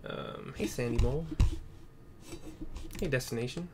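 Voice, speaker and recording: A man's voice: medium pitch, unhurried, gravelly, background noise. A man giving casual, irreverent commentary while narrating his playthrough of a game, with swearing asides.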